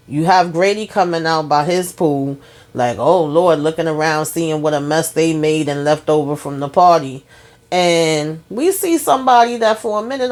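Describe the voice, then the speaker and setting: A woman's voice: low-pitched, darkish tone. A woman casually recapping a TV episode in a chatty, colloquial way. She keeps checking in with "okay?" and "y'all" and acts out the characters' lines as she goes. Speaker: TV recap vlogger.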